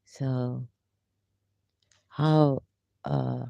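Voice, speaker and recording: A woman hosting a casual live question-and-answer session, talking in halting, rambling, broken English with frequent fillers, and sometimes talking to herself. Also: extremely low pitch, fairly even intonation, gravelly, mellow, dry recording, lo-fi sound. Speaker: live Q&A host.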